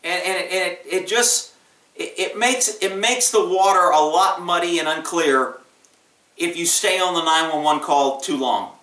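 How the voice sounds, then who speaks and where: Male cop, casual vlog; high, sharp voice, emphatic delivery; roomy sound with the mic set back. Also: a little slow, far from the mic. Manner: blunt and emphatic, acts out quoted callers. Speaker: police officer giving advice. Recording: echoey room, voice off-mic.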